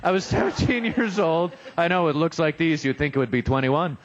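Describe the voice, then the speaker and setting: A man's voice: fairly high pitch, animated, a little fast, dull audio, background noise. A young man doing a self-deprecating stand-up comedy set in a restaurant, acting out voices as he goes. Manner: self-deprecating, joking, acts out quoted voices. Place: restaurant stage, live.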